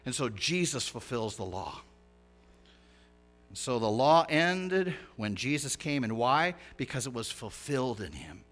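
Male pastor, mid-pitched, bright forceful tone, casual storytelling sermon with loud peaks and quiet asides. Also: unhurried. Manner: lively, conversational preaching with big swings in loudness.

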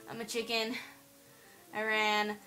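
A woman's voice: a little high, completely flat delivery, takes it slowly, sharp tone, poor audio. A woman doing let's play commentary on a horror game at her computer, playful, teasing and giggly. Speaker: gamer playing a horror game. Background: faint game music.

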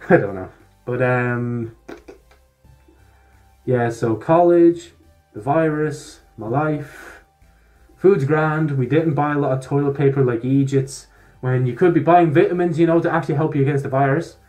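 A man's voice: mid-range voice, a little slow, pauses often, a little mellow, faint music behind. A young man, talking through a casual vlog update in a rambling way, with laughs and restarts. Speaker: vlogger.

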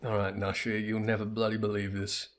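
A man's voice: fairly low pitch, completely flat delivery, brisk, soft background music. A man giving casual, wry let's play commentary with chuckling asides. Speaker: gamer.

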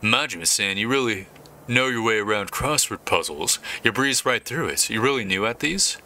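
A man's voice: fairly low pitch, animated, sharp tone, a little hiss or hum, heavily acted. A man reading a bashful young lover. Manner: halting, bashful delivery. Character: shy earnest young man in love.

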